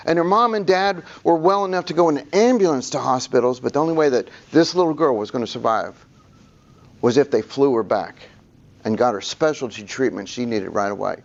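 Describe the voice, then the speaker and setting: A man's voice: on the high side, highs cut off. A man presenting a public speaking workshop to a room, telling stories and acting out the people he quotes.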